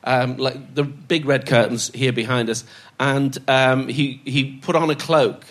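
A man's voice: mid-range voice, steady tone, unhurried, fairly bright tone. An older man telling stories as a podcast guest, laughing as he goes and doing the voices of the people he quotes. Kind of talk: anecdotal storytelling.

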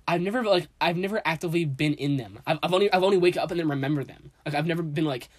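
A man's voice: a little high, fast talker, no echo. A teenage boy in casual group chat, stammering and repeating words as he asks questions and tells stories.

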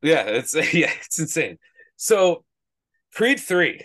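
A man's voice: fairly high pitch, takes it slowly. A man co-hosting a movie podcast, chatting casually and animatedly, joking with his co-host. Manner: animated, does a ringside announcer voice. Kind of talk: casual chat.

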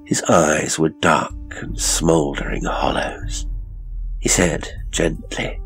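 Casting: male horror podcast narrator, very low husky voice, measured and hushed. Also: fairly even intonation, soft background music. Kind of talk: scripted narration.

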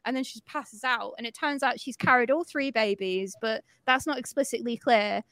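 A woman co-hosting a podcast, recapping a film in casual chat, animated and sweary, acting out the characters' lines. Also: on the high side, moderate pace, dry recording, clean studio sound. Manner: animated storytelling, acts out quotes, swears freely. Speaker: podcast co-host.

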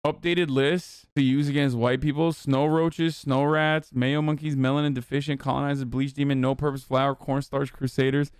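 A man's voice: medium pitch, little pitch movement, normal speed, few pauses, clear, resonant tone, no room sound, clean studio sound. A man reacting to video clips as a streamer, ranting and mocking with a lot of cursing. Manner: mocking, rants loudly with frequent cursing. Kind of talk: profane reaction commentary.

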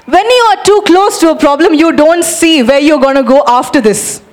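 A woman preaching a sermon to a congregation, energetic and urging, acting out animated demonstrations. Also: high voice, normal speed.

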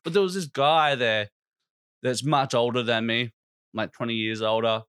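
A man hosting a podcast speaks at normal speed in a mid-range, clear, resonant, slightly bright voice, recorded clean in a studio with no room sound. His rant is casual, blunt and constantly profane.

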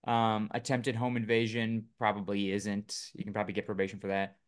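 A man's voice: fairly low pitch, monotone, fairly quick. Man reading news with wry asides. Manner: reads news aloud with fillers and wry asides. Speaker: podcast co-host. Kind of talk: casual chat.

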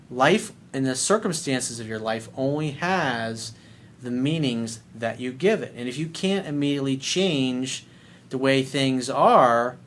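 In his casual dating advice monologue, a man works through a viewer letter with blunt sarcasm and offhand swearing. His voice has a medium pitch and a fairly bright tone.

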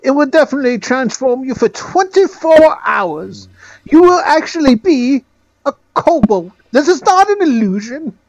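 A man's voice: very animated, a little slow, dry recording, full character voice, low-quality recording. A man voicing a pompous little male gnome wizard in a tabletop game, speaking grandly. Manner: grandiose, high and theatrical.

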